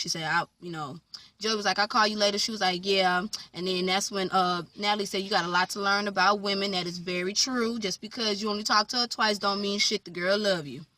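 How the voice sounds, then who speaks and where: A woman recapping a TV episode in casual chat, animated and sassy, talking back to the characters. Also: medium pitch, far from the mic. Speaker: TV recap vlogger.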